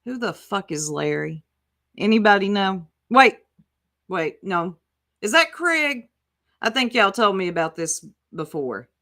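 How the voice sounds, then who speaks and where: Sarcastic woman with a bright voice. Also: medium pitch, animated, unhurried. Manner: sarcastic, profane, talks back to clips. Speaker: YouTube commentator. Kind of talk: casual reaction commentary.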